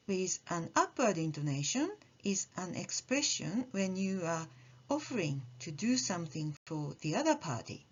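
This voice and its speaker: A woman teaching a language lesson, explaining slowly and carefully and acting out the intonation of example phrases. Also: on the low side, slightly rough. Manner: slow, careful explanation with animated demonstrations of intonation. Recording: muffled, slightly dull audio.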